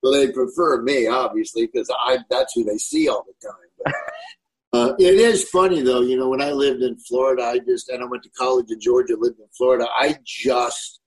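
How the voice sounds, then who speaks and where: A man's voice: mid-range voice, normal speed, poor audio. Southern guy in his 60s, laid back, rambles through stories, just chatting. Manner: easygoing, rambling storyteller. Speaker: comedian guest. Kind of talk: casual interview chat.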